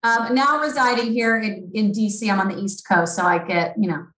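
A woman's voice: medium pitch, moderate pace, a bit bright. A woman in her thirties from rural Southeast Missouri with a Southern Missouri accent, chatting as a podcast guest in a wry, self-deprecating way. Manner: wry, self-deprecating, repeats words at starts. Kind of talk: casual chat. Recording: roomy echo.

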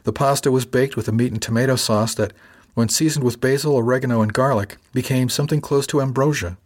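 A man calmly narrating a first-person audiobook in an even storytelling manner. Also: mid-range voice, fast talker.

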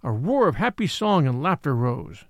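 Brief: dramatic male storyteller reading an old tale, lively and expressive. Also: a little high, moderate pace, no room sound, studio quality. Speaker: narrator. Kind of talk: scripted audiobook narration.

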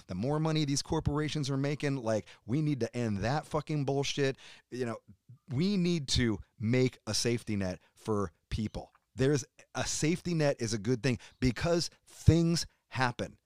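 A man's voice: mid-range voice, darkish tone, dry recording. A middle-aged man from the United States rants as a podcast guest, swearing in nearly every sentence. He speaks in an ordinary middle register. The sound is dry and close, with no room around him. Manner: profane, emphatic, swears constantly. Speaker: podcast guest, metal musician. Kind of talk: heated casual rant.

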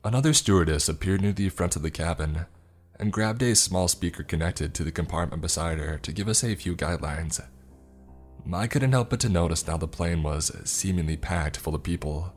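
A man reading a first-person horror story in a measured storytelling way. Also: sits low, soft background music.

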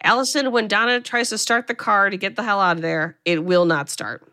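A woman's voice: medium pitch, fairly even intonation, fairly quick, bright, forceful tone. A woman co-hosting a podcast in casual chat, retelling a film's plot in a chatty way, swearing casually and quoting characters with small voice shifts. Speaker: podcast co-host.

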